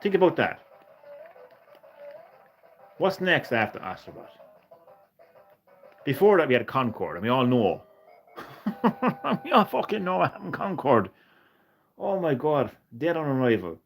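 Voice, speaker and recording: A man's voice: fairly high pitch, big pitch swings, unhurried, vocal fry, pauses often, faint music behind. A man streaming a retro game, chatting with viewers in a sweary, ranting way. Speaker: gaming streamer. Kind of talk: casual live-stream chat.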